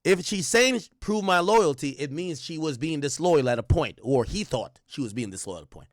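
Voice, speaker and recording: A man's voice: a little high, expressive, normal speed, no room sound, clean studio sound. Blunt, profane male streamer. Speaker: streamer commentator. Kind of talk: livestream commentary reading documents aloud.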